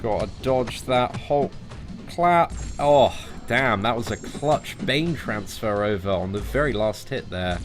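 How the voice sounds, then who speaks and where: Chatty man streaming a game. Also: unhurried. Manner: chatty, jokey, lively pitch jumps when excited. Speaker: gaming livestream host. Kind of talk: casual live gameplay commentary. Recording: faint music behind.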